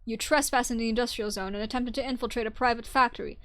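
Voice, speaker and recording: A woman voicing a hostile city guard, commanding, accusing, loud, game story. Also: a little high, fairly even intonation, fast talker, no echo, natural voice.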